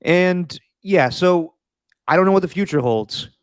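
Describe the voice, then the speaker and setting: A man's voice: sits high, a little slow, clear, resonant tone, dry recording, clean studio sound. A man co-hosting a casual sports talk podcast, earnest and emphatic, repeating words when worked up. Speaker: podcast co-host.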